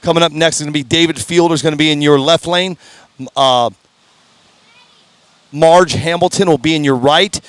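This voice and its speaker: A man's voice: on the high side, smooth, no echo. Upbeat man calling drag races. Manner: upbeat, folksy, fumbles names. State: strained voice, clearing throat. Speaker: race announcer. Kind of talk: live drag racing commentary. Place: at a racetrack.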